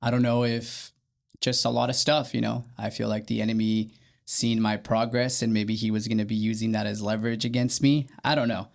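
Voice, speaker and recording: Gravelly-voiced man sharing earnestly. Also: fairly low pitch, little pitch movement. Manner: earnest, halting, many fillers. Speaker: podcast co-host. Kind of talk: candid faith podcast chat.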